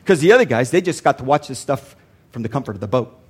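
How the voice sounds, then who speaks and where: A man's voice: medium pitch, animated, fast talker, slightly rough. An older man, a pastor, preaching a sermon earnestly and repeating lines for emphasis.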